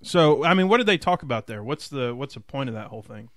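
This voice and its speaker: A man's voice: mid-range voice, expressive, fast, fairly bright tone, no room sound, clean studio sound. A man co-hosting a racing podcast, chatty and upbeat, laughing often. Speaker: podcast co-host. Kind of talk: casual chat.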